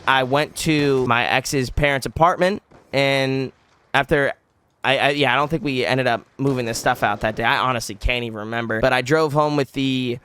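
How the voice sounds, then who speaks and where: A young man casually telling a story on his vlog, animated and rambling, with many likes and restarts. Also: medium pitch, a little hiss or hum. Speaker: vlogger.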